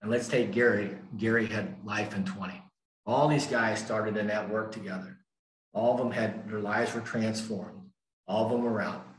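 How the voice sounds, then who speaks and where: Older man telling a recovery story, low and roomy. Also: fairly even intonation, normal speed. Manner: emphatic, repeats key lines for effect. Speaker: AA speaker. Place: meeting room. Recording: echoey room.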